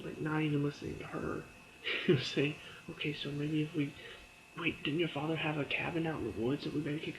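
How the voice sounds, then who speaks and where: Man with a gravelly, slightly high voice. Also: a bit bright, slight background noise, rough recording. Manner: chatty, many fillers, laughs while retelling scenes; briefly acts out characters' lines in quotes. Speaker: TV episode reviewer. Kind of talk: casual spoken review.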